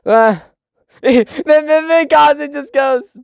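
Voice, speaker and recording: A man's voice: very high-pitched, drawn-out words, creaky, dry recording, studio quality. A man giving a casual, rambling chapter review, swearing often and laughing. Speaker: manga reviewer.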